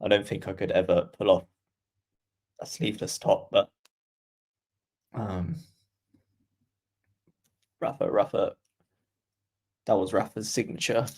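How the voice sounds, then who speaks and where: A man's voice: low voice, steady tone, a little mellow, slightly rough. Chatty man calling tennis play-by-play. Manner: chatty, reads viewer comments aloud, quickens during rallies. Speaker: livestream tennis commentator. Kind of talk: casual play-by-play watchalong commentary.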